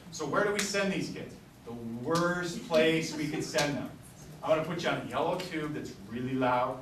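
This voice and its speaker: A man's voice: a little high, fairly bright tone, a little hiss or hum. Man telling classroom stories in an echoey hall. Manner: storytelling, acts out quoted dialogue. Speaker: symposium speaker. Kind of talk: conference talk with anecdotes. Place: lecture room. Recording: echoey room, distant mic.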